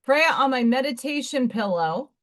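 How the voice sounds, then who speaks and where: A woman's voice: sits high, expressive, moderate pace, fairly bright tone. A woman hosting a live stream, chatting casually in a rambling way with blunt asides. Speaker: livestream host.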